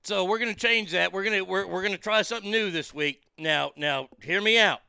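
With a high, creaky voice, a sharp but smooth tone and a fairly quick pace, a man runs his own show as a casual solo monologue. His talk is rambling, irreverent and full of profanity, captured on a studio mic through a mixing board with no room sound.

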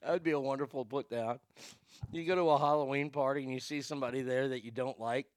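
A man's voice: medium pitch, fairly even intonation, quick pace, clean tone, dry recording, clean studio sound. A male radio host giving blunt, vulgar, mocking comedic commentary.

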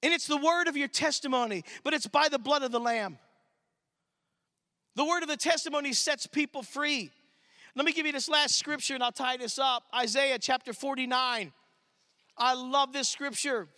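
A man from Michigan preaching at a church service, his voice strikingly high and bright. He tells stories in an animated way, acting out the people in them. The sound is close and dry. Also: moderate pace, dry recording. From Michigan, USA. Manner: animated, acts out quotes in the story. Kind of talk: sermon with storytelling.

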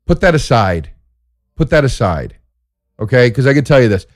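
A male comedian hosting his own show and riffing through a crude, joking story. His voice sits at an ordinary middle pitch, and the recording is close and dry with almost no room sound. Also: normal speed, no echo. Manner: crude, joking, swings into excited exaggeration. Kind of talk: casual storytelling monologue.

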